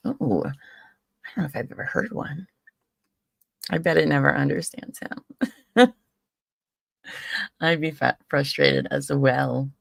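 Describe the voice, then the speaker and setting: A woman's voice: deep voice, a little slow, gravelly, long pauses, dry recording, clean studio sound. A woman hosting a live true crime stream, chatting casually and rambling with frequent laughs.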